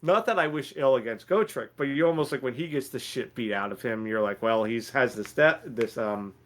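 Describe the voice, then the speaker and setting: A man's voice: mid-range voice, lively intonation, brisk. A man co-hosting a casual podcast chat, rambling with lots of fillers and restarts and laughing easily. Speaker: podcast co-host.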